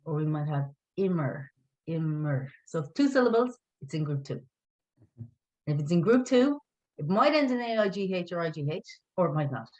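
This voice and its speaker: Patient woman teaching, low voice. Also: sing-song, a little fast, a little mellow, highs cut off. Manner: patient, encouraging, spells words letter by letter. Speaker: Irish language teacher. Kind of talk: online language lesson.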